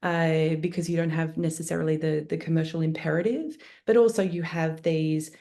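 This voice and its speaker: A woman's voice: deep voice, fairly even intonation, brisk, mellow. A woman producer from Australia, answering interview questions thoughtfully with many fillers and restarts. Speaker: guest producer. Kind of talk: panel interview.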